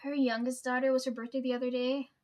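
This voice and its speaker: Woman, high pitch, casual storytime vlogger, chatty and profane, laughs a lot. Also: little pitch movement, quick pace, a little mellow. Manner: laughs often, swears freely, rambling. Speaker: vlogger telling workplace stories.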